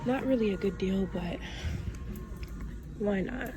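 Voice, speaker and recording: A woman's voice: mid-range voice, slow pace, music in the background. A young woman who is a little sick, chatting casually to her viewers from her car and counting off her shopping finds. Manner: chatty, tallies items aloud, addresses viewers directly. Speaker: couponing vlogger. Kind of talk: casual vlog chat. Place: parked car.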